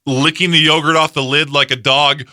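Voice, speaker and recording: A man hosts a radio show in casual, joking banter, laughing and teasing his co-host. His voice is extremely bright and forward. The studio sound is dry and close. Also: on the high side, level tone, moderate pace, dry recording. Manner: jokey, laughs often, teasing.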